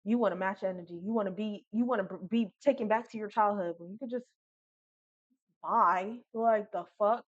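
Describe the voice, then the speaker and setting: A woman's voice: mid-range voice, fast talker, few pauses, dry recording, highs cut off. Blunt, swearing woman reader. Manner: blunt, profane, animated. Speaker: tarot reader. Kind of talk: casual spoken reading.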